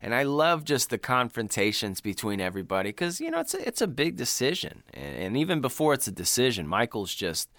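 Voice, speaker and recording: Animated, swearing man chatting about movies. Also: mid-range voice, a little fast, few pauses, no room sound. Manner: animated, swearing, laughs while retelling scenes. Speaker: podcast co-host. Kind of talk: casual movie chat.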